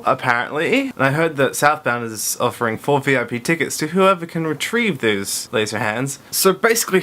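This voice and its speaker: A man's voice: medium pitch, bright, forceful tone. A young man talking alone in his bedroom in a playful, exclamatory vlog monologue. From Perth, Australia. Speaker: vlogger.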